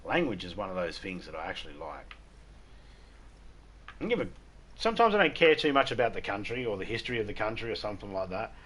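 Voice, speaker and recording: Brief: irreverent Australian gaming streamer, lower pitch, casual rambling jokes. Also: male voice, sing-song, fast, long pauses, a bit bright, slightly rough. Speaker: gaming livestreamer. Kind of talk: casual chat while gaming.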